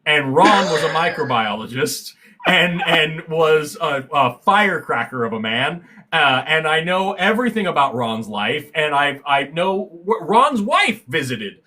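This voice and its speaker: Bright, animated man telling stories. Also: fairly high pitch, unhurried, slight background noise. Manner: animated storyteller who swears freely and bursts into loud exclamations. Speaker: guest science communicator. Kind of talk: casual livestream chat. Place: livestream, recorded remotely.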